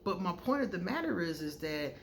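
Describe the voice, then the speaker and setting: A woman's voice: fairly low pitch, a little fast, a little hiss or hum. A woman tarot card reader talking to her viewers in a casual vlog monologue, frank and conversational, telling stories animatedly. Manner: animated storyteller who acts out quoted dialogue.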